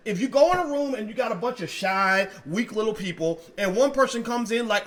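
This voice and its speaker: A middle-aged man hosting a commentary livestream, fiery and profane, his speech a little slurred from dental work, swinging from loud outbursts to quiet asides. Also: high voice, lively intonation, a little fast, hardly any pauses. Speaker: commentary channel host.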